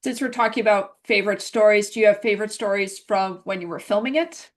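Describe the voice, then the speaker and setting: A woman's voice: mid-range voice, fast talker. A woman hosting an interview, asking friendly questions and adding light asides. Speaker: interview host. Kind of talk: casual interview chat.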